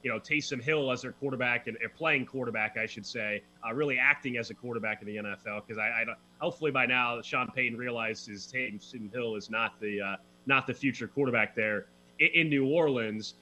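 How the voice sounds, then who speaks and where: A man's voice: mid-range voice, a little fast, sharp tone, slight background noise, low-quality recording. A man hosting a sports betting show, talking football in a loose, chatty way with frequent restarts. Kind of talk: casual sports talk.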